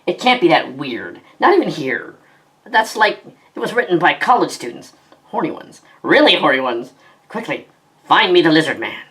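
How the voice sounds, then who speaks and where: Low-voiced woman performing a sci-fi fan drama. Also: big pitch swings, a bit bright. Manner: quick-switching, sarcastic, melodramatic. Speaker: narrator and voice actor. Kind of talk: fan audio drama, reading many parts.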